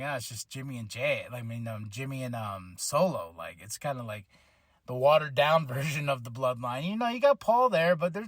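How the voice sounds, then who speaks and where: A man hosting a podcast, casually recapping a wrestling show, excitable, laughing often, swearing and acting out what people said. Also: a little high, no echo, studio quality. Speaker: podcast host.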